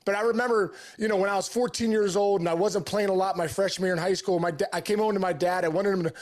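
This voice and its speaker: Earnest high-voiced middle-aged man. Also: fairly even intonation. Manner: eager, earnest, with many quick restarts. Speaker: podcast guest. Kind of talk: storytelling in conversation.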